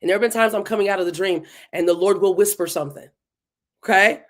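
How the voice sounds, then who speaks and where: A woman teaching a verse-by-verse Bible study in a casual, animated way, acting out the lines of the people in the passage. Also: mid-range voice, quick pace. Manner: casual, animated, acts out dialogue between speakers.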